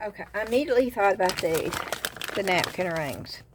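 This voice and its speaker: A woman with a Southern US accent chatting casually about craft finds, excited about bargains and rambling into little asides. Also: medium pitch, fairly quick, noisy background. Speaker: craft vlogger. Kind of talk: casual haul and craft chat.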